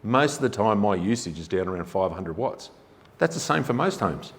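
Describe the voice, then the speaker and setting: A man's voice: fairly low pitch, sing-song, moderate pace, gravelly. A man with an Australian accent giving a conversational, emphatic forum talk on home energy, with rhetorical questions. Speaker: energy efficiency presenter. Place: forum venue hall. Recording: reverberant hall.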